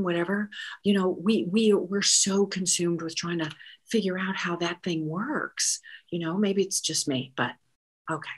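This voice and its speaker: A woman's voice: lowish voice, breathy edge. A middle-aged woman performing a chatty, exasperated comic monologue aimed at the divine, with whispered asides. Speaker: comedic monologist.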